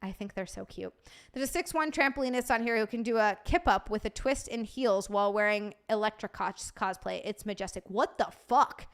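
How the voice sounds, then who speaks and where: A woman's voice: mid-range voice, fairly quick, smooth. A young woman live streamer in casual, profane, bubbly banter with her viewers.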